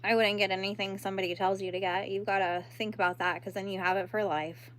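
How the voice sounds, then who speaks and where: A woman's voice: medium pitch, level tone, fast, fairly bright tone, a little hiss or hum. Young gal chatting on her crochet stream, laughs a lot, easygoing. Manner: chatty, giggly, answers chat comments while crocheting. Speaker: crochet livestream host. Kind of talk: casual livestream chat.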